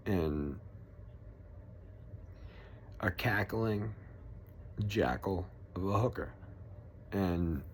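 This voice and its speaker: A man's voice: deep voice, extremely slow, pauses often, a little hiss or hum. A man in his forties delivering an angry, profane, rambling political rant. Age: 40s. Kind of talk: ranting monologue.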